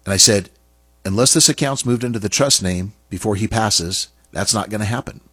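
A middle-aged man telling a personal story in an earnest, halting way, with restarts and pauses. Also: lowish voice, sharp tone, breathy edge, no echo. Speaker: speaker sharing a personal story.

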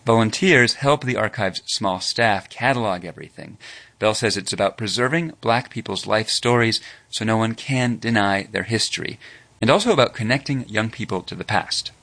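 A man reporting a radio news feature in a measured, scripted narration. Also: fairly low pitch, vocal fry. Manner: measured, even storytelling delivery.

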